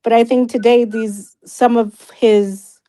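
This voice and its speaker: Fast-talking New York woman. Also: a little high, fairly even intonation, warm tone, poor audio. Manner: fast-talking, restarts words mid-thought. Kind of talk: casual debate.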